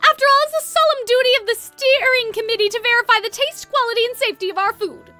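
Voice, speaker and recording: A strict, rule-minded young man who speaks in formal, officious phrases, voiced by a woman reading a game. His voice is high and bright. Faint background music plays. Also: fast. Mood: prim. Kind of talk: voicing game dialogue aloud.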